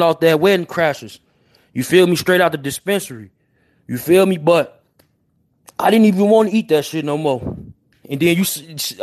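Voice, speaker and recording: A young man from Chicago with a Chicago accent, chatting casually to viewers on a livestream in brash street slang and apologizing over and over. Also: high voice. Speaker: livestream host.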